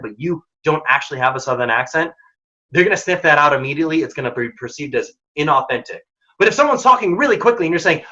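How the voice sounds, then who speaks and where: A man's voice: a little high, bright, forceful tone, highs cut off. A man giving direct, emphatic career advice in a workshop talk. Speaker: workshop speaker.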